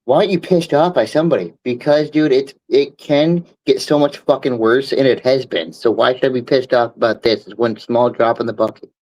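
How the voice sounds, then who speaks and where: Male stream host, average pitch, easygoing and blunt. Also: brisk, hardly any pauses, darkish tone, rough recording. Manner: frank, laid-back, swears freely. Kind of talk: casual chat.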